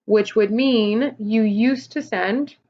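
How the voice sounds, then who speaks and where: A woman's voice: a little high, slow, darkish tone, highs cut off. A woman Spanish teacher explaining verb forms step by step in a recorded lesson, patient, with frequent "okay" and "um". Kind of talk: recorded classroom lesson video.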